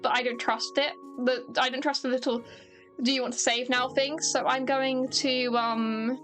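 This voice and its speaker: High-voiced streamer rambling over game music. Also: bright, forceful tone. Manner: rambling, joking, self-deprecating. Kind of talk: casual gameplay commentary, reading dialogue aloud.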